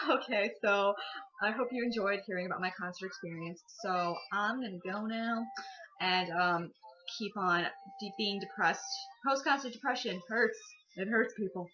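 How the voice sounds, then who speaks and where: A woman's voice: medium pitch, normal speed, pushed and bright, highs cut off. A teenage girl telling a casual vlog story about her concert, gushing and full of fillers. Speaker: vlogger.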